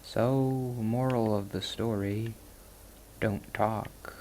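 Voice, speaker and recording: A man with a low, gravelly voice talks in a casual, rambling way. He is self-deprecating and soft-spoken. A faint hiss sits under the recording. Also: steady tone, extremely slow. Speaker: gaming vlogger.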